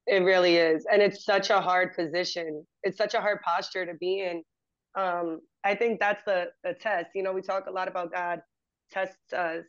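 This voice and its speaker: A woman's voice: lowish voice, steady tone, moderate pace, no room sound. A woman podcast host in a conversational interview, reflective and encouraging. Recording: dull, lo-fi sound.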